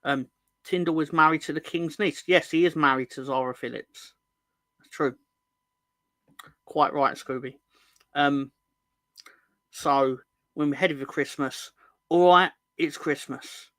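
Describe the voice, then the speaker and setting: A man's voice: fairly high pitch, steady tone, measured pace, pauses often, a bit bright, dry recording. A man hosting a football fan livestream in casual chat, rambling and joking, often correcting himself mid-sentence. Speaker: host of a football fan show.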